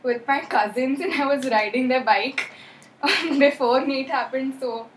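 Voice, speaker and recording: A young woman, a medical student giving relaxed, upbeat answers in a casual interview. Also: high-pitched, unhurried, slight background noise. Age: young adult. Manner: relaxed and upbeat, laughs between words. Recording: echoey room.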